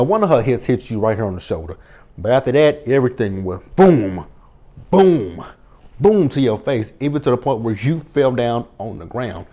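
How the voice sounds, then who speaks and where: A man in his thirties with a mid-range, slightly mellow voice gives a casual reality TV recap. He's blunt and profane, addressing the cast members directly and stressing his words.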